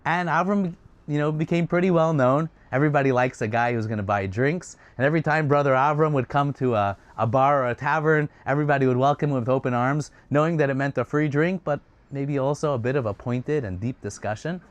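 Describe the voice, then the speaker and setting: A man retelling a story in a casual, conversational way, getting animated at times. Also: medium pitch, a little fast, dull audio.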